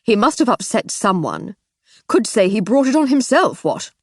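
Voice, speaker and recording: A woman playing a tipsy blustering toff, slurry, husky, audiobook. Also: fairly high pitch, sing-song, normal speed, no echo, clean studio sound, voice pushed up. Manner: slightly drunk, blustering. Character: tipsy blustering red-faced gentleman.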